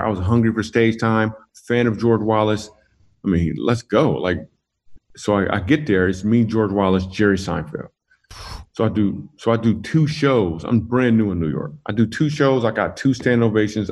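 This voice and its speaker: A man with a fairly low voice recounts his own stories in a relaxed interview. He is animated and jokey, and he laughs along with his own punchlines as he goes. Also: moderate pace. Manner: animated storyteller, laughs through his jokes. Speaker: comedian guest. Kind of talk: casual interview storytelling.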